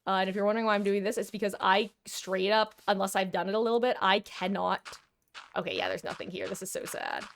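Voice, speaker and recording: A woman's voice: medium pitch, steady tone, fast, gravelly, a bit bright. A woman streaming a video game, chatting casually with her viewers in a dramatic, talkative way as she plays. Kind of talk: casual gameplay commentary.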